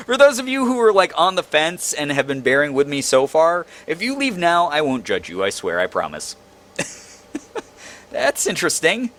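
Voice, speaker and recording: Animated young man reading a game aloud. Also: on the high side, moderate pace, long pauses. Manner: animated, laughing asides between read lines. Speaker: game streamer. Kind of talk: reading a visual novel aloud with commentary.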